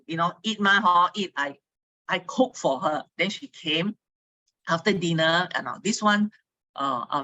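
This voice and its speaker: Bright-voiced chatty Singaporean woman. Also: lowish voice, dry recording, rough recording. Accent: Singaporean English. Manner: chatty storytelling, Singlish particles, frequent laughs; asks listeners for agreement. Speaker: speaker giving a testimony to a team. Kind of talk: casual online sharing talk.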